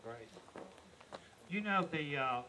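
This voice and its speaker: A man's voice: on the high side, expressive, takes it slowly, noisy background. A man hosting an outdoor dedication program, talking informally with many fillers. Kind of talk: outdoor public announcements. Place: outdoors at a cemetery.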